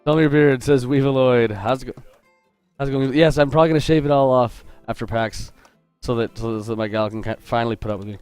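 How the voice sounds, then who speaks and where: Man, game artist streaming, chatty, upbeat, joking, mid-pitched, close dry sound, faint music behind. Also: fairly quick, darkish tone, clean tone, dry recording. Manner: chatty and upbeat, greeting viewers and reading chat aloud; joking and self-interrupting. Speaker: game artist hosting a live drawing stream. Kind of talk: casual livestream chat while drawing.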